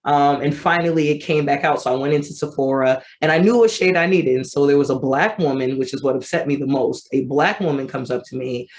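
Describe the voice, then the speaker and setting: Animated woman telling her own story. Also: very deep voice, fairly quick, hardly any pauses. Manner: animated, acts out remembered thoughts in a raised voice; conversational with frequent fillers. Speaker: vitiligo advocate. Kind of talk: personal storytelling.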